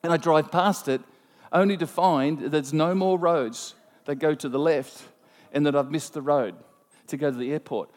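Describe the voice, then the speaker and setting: Animated preacher in a reverberant hall. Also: male voice, a little high, moderate pace. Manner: storytelling, animated, self-mocking asides. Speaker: pastor. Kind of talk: sermon.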